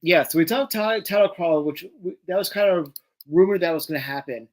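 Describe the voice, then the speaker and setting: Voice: mid-range voice, fairly quick. A co-host chatting casually and enthusiastically during a live watch-along. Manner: chatty, enthusiastic fan banter. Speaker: podcast co-host.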